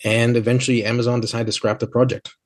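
A man with a Canadian accent, a podcast guest explaining things in a measured way. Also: medium pitch, little pitch movement. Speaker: guest author. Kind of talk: conversational podcast interview.

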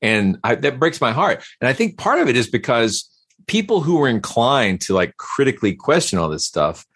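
A man talking casually as a podcast guest, animated and given to repeating words as he starts a thought. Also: mid-range voice, moderate pace, slightly rough, no echo, clean studio sound. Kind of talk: casual conversation.

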